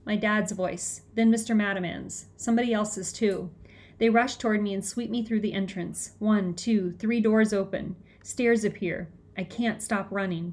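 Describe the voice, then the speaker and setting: A woman's voice: medium pitch, steady tone, normal speed, a little mellow. A woman narrating a children's novel in the first person, with tense, breathless storytelling. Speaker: audiobook reader.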